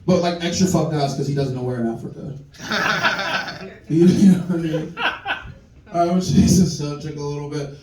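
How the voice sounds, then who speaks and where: A man performing a stand-up comedy set in a club, animated and acting out other people's voices. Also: a little high, moderate pace, pauses often, echoey room, distant mic, heavy background noise. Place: comedy club with live audience.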